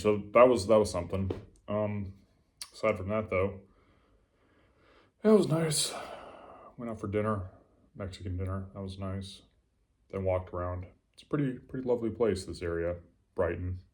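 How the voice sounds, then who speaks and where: Deep-voiced tipsy American man rambling. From Los Angeles. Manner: rambling, profane, offhand; talks low and quiet. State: a little drunk. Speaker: vlogger. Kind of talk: late-night rambling monologue.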